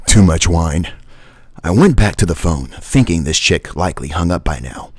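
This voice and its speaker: Brief: man, lowish voice, relaxed storyteller and livestream host, dry recording. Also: moderate pace, breathy edge, dry recording. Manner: relaxed storytelling with fillers and chuckles. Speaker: livestream host and flight sim reviewer. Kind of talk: reading his own story, then casual chat.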